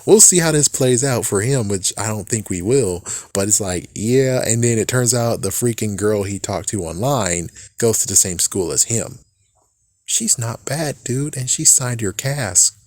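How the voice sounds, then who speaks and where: A man's voice: mid-range voice, expressive, a little slow, darkish tone, dry recording. A man giving a casual, rambling spoiler recap of a movie, swearing often and laughing at it. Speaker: movie reviewer.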